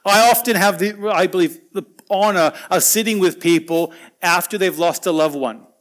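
A man preaching a sermon, earnest and conversational, swinging between loud emphatic lines and quiet soft asides. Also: high-pitched, moderate pace.

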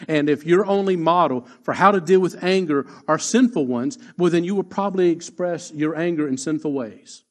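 A pastor delivering a sermon in a somewhat high voice. He is emphatic and restates his main points at a slower, deliberate pace. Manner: emphatic, repeats key lines slowly.

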